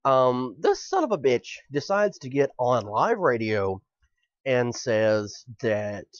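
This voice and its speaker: Speaking slowly but very animated, a man at medium pitch hosts a podcast and rages through a profanity-laced political rant in furious bursts. The recording is dull and lo-fi, with no room sound.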